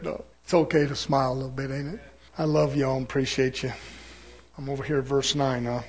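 A high-pitched man preaches to his congregation in a folksy, joking way. He drops into soft, laughing asides, then climbs into loud, fervent exhortation. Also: animated, moderate pace, husky. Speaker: pastor. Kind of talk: folksy sermon.

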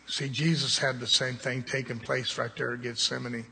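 A man's voice: mid-range voice, level tone, brisk, gravelly, few pauses, sharp tone, husky, big-room sound. A man preaching a sermon, with blunt, conversational jabs at his congregation.

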